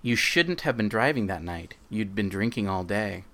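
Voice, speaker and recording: A man reading a story aloud voices a calm, knowing barman who presses his point in a low, insistent way. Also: moderate pace. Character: calm, knowing male barman, quietly relentless.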